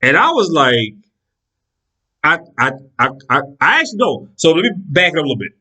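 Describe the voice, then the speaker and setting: A man casually telling a personal story in an animated, profane, exasperated way. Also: on the high side, fairly quick.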